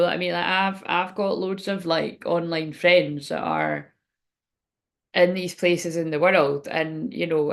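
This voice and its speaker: A woman's voice: on the low side, gravelly. A woman speaking as a spiritual reader in a rambling, frank livestream chat, swearing now and then.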